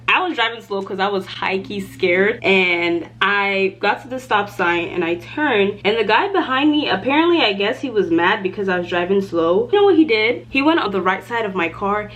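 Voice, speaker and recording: A woman's voice: mid-range voice, normal speed, hardly any pauses, dull audio, slight background noise. Young woman telling a chatty makeup storytime. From Nigeria. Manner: chatty, animated storytelling while doing makeup. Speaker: beauty vlogger. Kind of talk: casual get-ready-with-me storytime.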